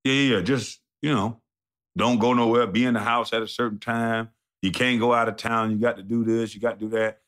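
A man voicing a rich older woman who bosses a man around, smooth and persuasive. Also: mid-range voice, fairly even intonation, fairly quick, a bit bright, lightly acted. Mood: bossy.

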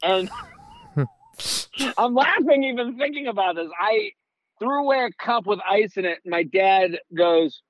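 High-voiced man telling rambling stories. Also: a little slow, pauses often, dull audio. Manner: animated storyteller, rambling with many "like"s. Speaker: guest comedian. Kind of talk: casual chat.

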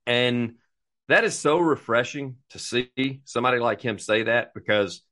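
A podcast co-host chats casually about golf, telling stories in an animated way and acting out quotes. His voice is medium-pitched and his pace measured.

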